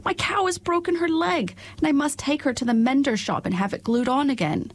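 A woman's voice: high-pitched, fairly quick, no echo, pitched above the performer's own voice, lightly acted. A woman voicing a small, cross china milkmaid in a storybook reading, scolding and indignant. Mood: angry.

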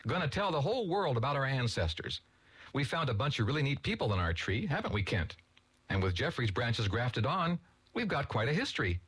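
A man's voice: mid-range voice, big pitch swings, fairly quick, a bit bright, husky, no echo, voice pushed up. A man voicing a cheerful, affectionate stepfather in a read-aloud story. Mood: jovial.

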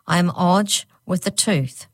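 A woman's voice: fairly low pitch, measured pace, no echo. Woman voicing a grim little hag girl. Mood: determined. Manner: grim, huffy, earnest. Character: small determined young girl hag.

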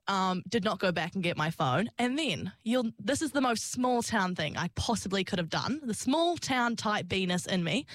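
A woman's voice: mid-range voice, fairly bright tone, dry recording. A young woman, chatting in an interview, laughing often and acting out her own past lines. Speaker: singer and actor, interview guest. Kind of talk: casual interview storytelling.

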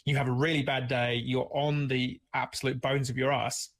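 A man's voice: mid-range voice, little pitch movement, moderate pace. Man hosting a rambling casual chat. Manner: rambling, with many restarts and fillers. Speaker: podcast host. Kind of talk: casual conversational interview.

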